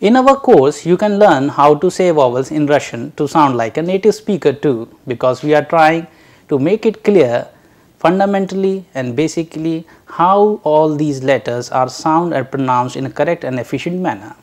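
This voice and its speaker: A language teacher giving a recorded lecture, drawing out each letter sound slowly and carefully for learners to repeat. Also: medium pitch, a little mellow.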